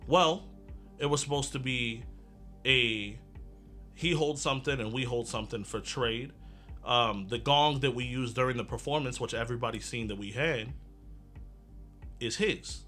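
A man's voice: medium pitch, normal speed, long pauses, bright, forceful tone, soft background music. A man playing a tabletop game, speaking in character in a hesitant, pleading way. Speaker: player. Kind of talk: casual in-character play.

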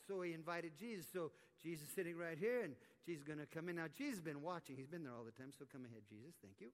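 A man's voice: fairly high pitch, fast, hardly any pauses. A man preaching a sermon at a live event, telling a story animatedly and repeating his words as he goes. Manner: animated, repetitive stammering. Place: conference hall, live audience. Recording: echoey live conference hall.

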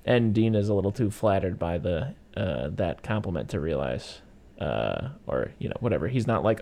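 A man's voice: low voice, gravelly. Laid-back man recapping a movie. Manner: animated, acts out movie characters in quick put-on voices. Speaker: podcast co-host. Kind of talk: casual movie recap chat.

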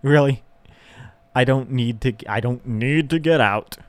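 A man's voice: medium pitch, a little slow, smooth, dry recording. Young man, candid profane rant, emotional and exasperated, dry close sound. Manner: ranting, profane, with frequent laughs and sighs. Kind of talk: candid personal monologue.

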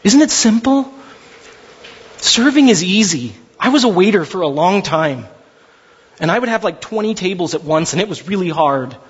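A man's voice: high voice, expressive, normal speed, breathy edge, lo-fi sound. A male pastor delivering an impassioned, conversational sermon with emphatic delivery.

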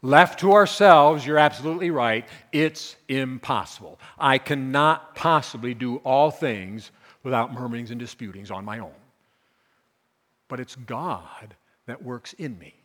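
A male pastor delivers a sermon in a church sanctuary, his voice ringing with a long hall reverb. He talks at a mid pitch, drops low and quiet to explain, then climbs loud to drive a point home, repeating key phrases for weight. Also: unhurried.

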